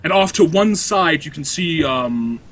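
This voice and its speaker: A man's voice: fairly high pitch, lively intonation, measured pace, fairly bright tone. A man narrating a tabletop game as game master, describing scenes in a rambling, hesitant way with many fillers.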